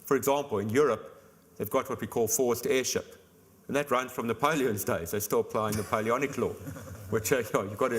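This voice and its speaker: Man, middle-aged, insurance expert; rapid, brisk explainer at a conference interview. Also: mid-range voice, fairly bright tone. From South Africa. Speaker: insurance company expert guest.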